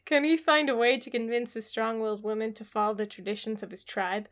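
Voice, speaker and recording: Give me a woman with a fairly high voice reading romance blurbs with wry, giggly drama. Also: steady tone, fairly quick. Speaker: podcast co-host. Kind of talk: comedic reading of romance synopses.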